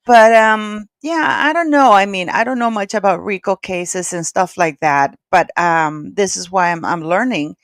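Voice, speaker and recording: Chatty, excitable woman on a call-in panel. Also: medium pitch, moderate pace, few pauses, no room sound, clean studio sound. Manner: chatty, excitable, many restarts and fillers. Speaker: regular panelist. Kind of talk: casual live call-in chat.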